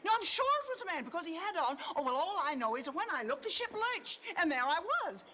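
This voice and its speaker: High, swooping, skittish comic girl, old film hiss. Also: fast, heavily acted. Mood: flustered, scared. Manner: excitable, flustered, squealing. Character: jittery, scatterbrained comic young woman. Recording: muffled old film soundtrack with loud hiss.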